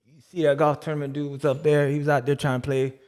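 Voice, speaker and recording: A man's voice: on the high side, flat delivery, quick pace, a little mellow, voice pushed up, natural voice. A man voicing a broke, lazy male caddy who complains in rambling street slang. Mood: grumbling.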